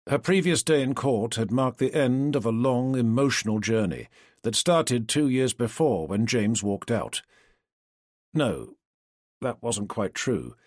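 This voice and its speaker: Husky male narrator with lively intonation. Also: medium pitch, dry recording, clean studio sound. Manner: expressive, measured storytelling. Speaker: audiobook narrator. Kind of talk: scripted audiobook narration.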